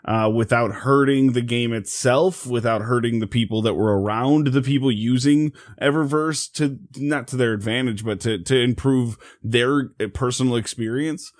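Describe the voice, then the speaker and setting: A man's voice: medium pitch, fairly even intonation, moderate pace, hardly any pauses, no room sound. Earnest man on a dry podcast mic. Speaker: podcast co-host. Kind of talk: casual gaming podcast chat.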